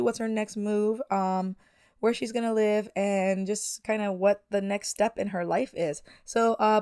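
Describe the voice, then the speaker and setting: A woman's voice: on the high side, a little mellow, dry recording, studio quality. A woman hosting a let's play, chatting through a life-sim game with frequent fillers. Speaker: gaming channel host.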